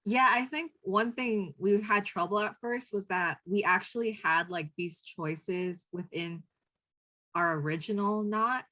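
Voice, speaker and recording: A woman's voice: medium pitch, unhurried, sharp tone. A woman presenting her team's story to an online class, giggling and a little sheepish. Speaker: workshop participant. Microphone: video call.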